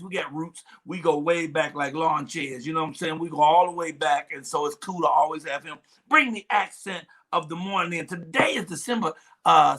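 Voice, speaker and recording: A man with a high, ringing, bright voice hosts a comedy morning show. He jokes loudly, riffs, and slides into little sung bits. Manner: exuberant, joking, breaks into song.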